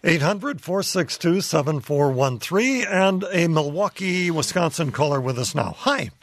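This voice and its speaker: A man hosting a call-in radio show, friendly and quick to laugh, reading out listener mail. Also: on the high side, expressive, dry recording.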